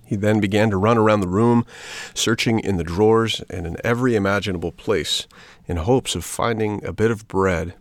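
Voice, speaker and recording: A man reading a children's book aloud in an expressive, measured storytelling manner. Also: fairly low pitch, no room sound.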